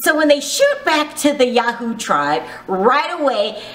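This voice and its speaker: Animated gossipy woman in an echoey room. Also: high-pitched, a little slow. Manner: gossipy and teasing, with asides. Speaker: vlogger reviewing a reality show. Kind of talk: casual chatty recap.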